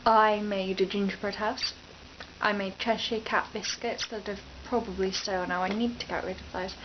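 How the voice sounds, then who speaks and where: A woman's voice: mid-range voice, fairly even intonation, moderate pace, lo-fi sound, slight background noise. A young British woman from the East Midlands, rambling unscripted and chatty to her camera at home, often breaking off mid-sentence. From East Midlands, England. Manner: rambling, self-interrupting, chatty. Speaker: vlogger. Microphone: camera mic.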